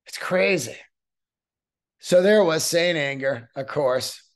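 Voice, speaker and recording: A man's voice: fairly high pitch, slow pace. A man hosting a solo podcast, talking in a loose, rambling, profane monologue. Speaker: podcast host and comedian.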